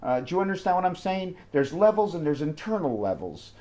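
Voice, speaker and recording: A man in a rambling monologue, jumping excitedly between numbers and firing off rhetorical questions. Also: brisk. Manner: wide swings in pitch and loudness. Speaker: numerology video maker.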